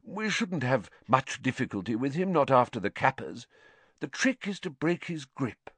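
A man voicing a calm, kindly teacher who talks in a gentle, thoughtful way. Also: medium pitch, moderate pace, husky, dry recording, pitched above the performer's own voice, exaggerated voice. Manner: gentle, thoughtful, lightly amused.

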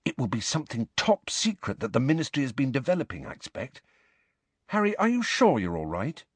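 A man's voice: mid-range voice, sing-song, a little fast, breathy edge, dry recording, pitched above the performer's own voice. A man voicing a bookish, know-it-all teenage schoolgirl witch in an audiobook, speaking earnestly and a bit bossily. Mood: concerned. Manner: earnest, explaining, a bit bossy. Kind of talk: audiobook character voice.

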